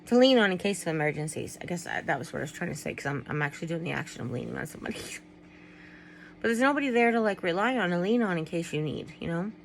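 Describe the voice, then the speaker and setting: Gravelly-voiced woman talking candidly to camera. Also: fairly low pitch, very animated, fast talker, a little hiss or hum, low-quality recording. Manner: rambling, candid, trails off and restarts. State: tearful at times. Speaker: vlogger. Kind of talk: personal vlog, talking to viewers.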